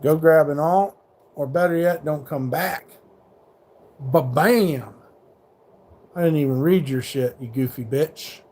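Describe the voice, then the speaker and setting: A man's voice: fairly high pitch, normal speed, mellow. A middle-aged man livestreaming from a truck stop, talking casually and swearing as he taunts trolls in the chat. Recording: faint background noise.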